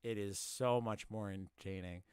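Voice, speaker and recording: A man hosting a casual podcast live stream, rapping a long name list fast and swearing as he jokes about himself. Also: fairly low pitch, fairly even intonation, darkish tone, smooth, no echo, clean studio sound. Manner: rapid rhythmic list rapping, swearing, self-mocking. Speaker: podcast host.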